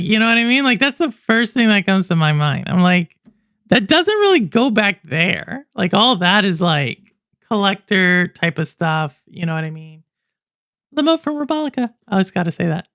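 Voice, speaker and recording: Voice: mid-range voice, fairly bright tone, no echo, clean studio sound. A podcast host in casual chat about gaming news, rambling and answering viewers in the live chat. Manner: chatty and rambling, many fillers and asides to chat viewers.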